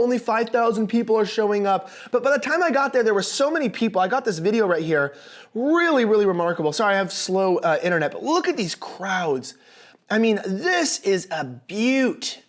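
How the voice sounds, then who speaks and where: A young man hosting a casual political commentary monologue, speaking in a notably high voice. He sounds animated and sarcastic, often stumbling and restarting his sentences. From United States.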